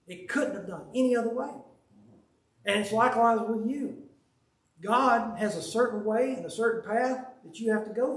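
A man teaches a Bible study in a relaxed, folksy manner, reading verses and quoting hymns between asides. His voice sits fairly high for a man. He is heard from a distance across a very echoey church room. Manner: folksy, conversational, reads scripture aloud and quotes hymns. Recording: very echoey room, speaker far from mic.

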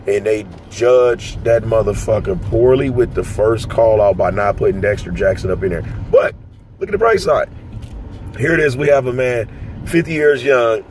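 A man's voice: fairly low pitch, moderate pace, a little hiss or hum. A man giving casual, profane commentary as a vlogger, talking emphatically inside a car. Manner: profane, emphatic, animated ranting. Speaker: bodybuilding vlogger.

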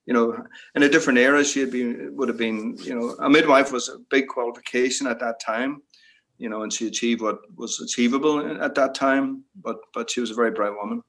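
A man's voice: medium pitch, steady tone, fairly quick, fairly bright tone. A middle-aged man, a guest in an interview on a video call, talking reflectively with many "you know" asides. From Northern Ireland. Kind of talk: reminiscing interview talk.

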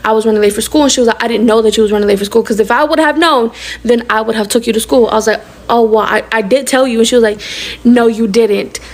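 Fast-talking young woman with gravelly fry. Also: a little high. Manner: rapid, animated retelling that acts out quoted dialogue. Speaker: storyteller. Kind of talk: casual storytime.

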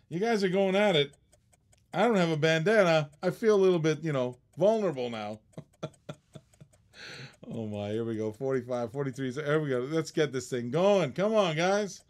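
A man's voice: a little high, moderate pace. A man hosting a live-stream auction in casual chat, laughing often and teasing the bidders.

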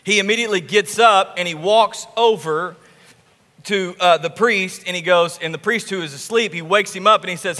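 Pastor guy preaching, bright high voice, lots of repeating for punch, long church reverb. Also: moderate pace. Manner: animated storytelling, emphatic repetition. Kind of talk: sermon. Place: church sanctuary.

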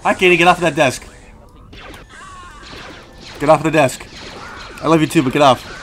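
A man's voice: on the high side, normal speed, a bit bright, faint music behind. A young man giving casual, joking gameplay commentary at home, swearing now and then and chatting to his cat at the desk mic. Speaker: let's play host. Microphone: desk microphone.

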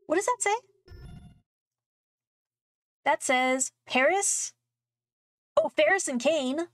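A woman's voice: high voice, sing-song, slow pace, dry recording, studio quality. A young woman playing a game, reading its texts aloud and reacting with casual, laughing, swearing commentary. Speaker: gaming streamer. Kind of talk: casual let's play commentary.

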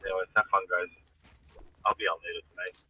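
A young man streaming from his car, teasing his friends in profane banter while his voice is going hoarse. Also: low-pitched, flat delivery, quick pace, pushed and bright, highs cut off. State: losing his voice. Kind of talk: casual chat with friends.

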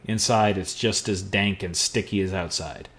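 A man's voice: low-pitched, fairly even intonation, normal speed, a bit bright. A male podcast host playing an adventure game, making offhand, wry comments and reading the game narration aloud. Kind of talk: casual let's-play commentary and reading game text aloud.

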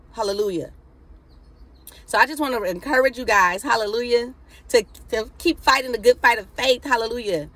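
A woman with a slightly high voice preaches live into her phone, fervent and exhorting. She peppers every thought with hallelujah and talks in a loose, casual way. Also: fairly bright tone. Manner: fervent, repeating hallelujah, casual Southern-style speech. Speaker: preacher on a Facebook live stream. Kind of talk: spontaneous live-stream preaching.

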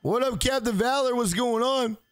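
A man streaming a video game live, swearing freely and loudly hyping up his donors. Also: extremely high pitch, moderate pace, clean tone, no echo, clean studio sound. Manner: profane, hyped, shouts out donors. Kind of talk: live gameplay stream chat.

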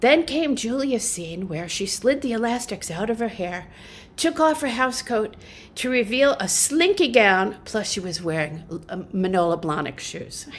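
Laughing frequently, this middle-aged folk singer recounts a humorous tale as a guest, poking fun at herself with lively energy. Her voice sits on the high side and sounds husky.

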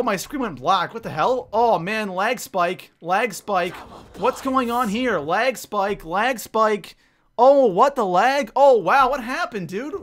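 Male livestreamer, hyped commentary, bright and sharp-toned. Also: sits high. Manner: excitable, thanks viewers by name between frantic gameplay reactions. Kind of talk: live gameplay commentary.

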